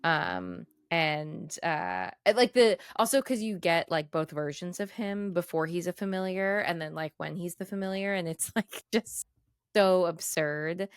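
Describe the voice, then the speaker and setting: A woman's voice: on the low side, expressive, unhurried, clear, resonant tone, no room sound, clean studio sound. A woman co-hosting a podcast in casual chat, rambling and giggly with lots of fillers. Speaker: podcast co-host.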